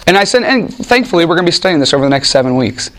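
A man leads a church study group, telling stories and acting out what people said to him. His voice sits a little high for a man. He talks in an animated, off-the-cuff way and often breaks off and restarts his sentences. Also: rapid-fire. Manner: animated, with frequent restarts and acted-out quotes. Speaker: Bible teacher. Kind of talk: informal teaching talk with anecdotes.

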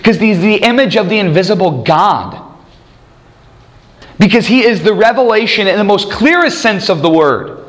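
Man, sermon, animated delivery, somewhat high voice, acts out quotes. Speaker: preacher.

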